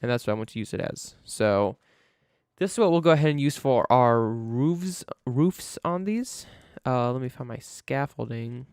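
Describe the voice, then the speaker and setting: A man's voice: mid-range voice, expressive, normal speed, a little mellow, smooth, no room sound, clean studio sound. Chatty man streaming a building game. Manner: chatty, thinks aloud, talks to himself. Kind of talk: casual live-stream chat while building.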